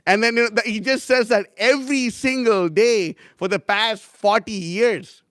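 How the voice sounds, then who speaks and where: A young man teaches a casual class, rambling and chatty with lots of fillers, laughs, and anecdotes. His high voice has a fairly bright tone and a moderate pace, recorded as clean studio sound with no echo.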